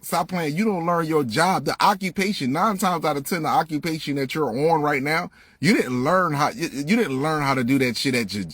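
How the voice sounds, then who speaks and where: A man's voice: fairly high pitch, fairly bright tone, dry recording. A man ranting on a livestream into a phone, blunt, profane and preachy, repeating himself to press his point. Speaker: livestream host. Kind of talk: heated livestream rant.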